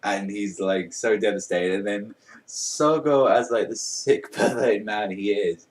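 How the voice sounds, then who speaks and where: A man's voice: fairly low pitch, fairly even intonation, measured pace, far from the mic. A young man casually reviewing a manga chapter, rambling and amused, with lots of fillers.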